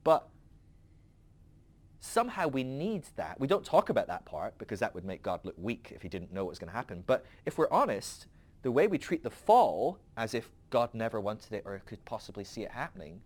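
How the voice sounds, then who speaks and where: Man rambling through a lively podcast monologue. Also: medium pitch, fairly quick. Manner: rambling and conversational, with frequent "right?" asides. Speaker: podcast host.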